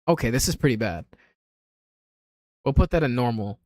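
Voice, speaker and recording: A man's voice: medium pitch, expressive, normal speed, a little mellow, dry recording, studio quality. Blunt, offhand male streamer. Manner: blunt, offhand, swears freely. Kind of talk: casual livestream commentary.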